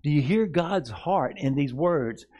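Earnest preacher, fairly high voice. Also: male voice, animated, a little slow. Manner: earnest preaching with rhetorical questions, drops soft for tender asides. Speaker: pastor. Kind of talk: sermon. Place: church sanctuary before a congregation.

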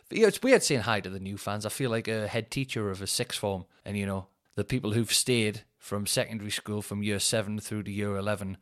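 A man hosting a casual solo podcast, sweary and ranting in an animated way. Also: lowish voice. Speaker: podcast host. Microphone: headphones in, home podcast mic.

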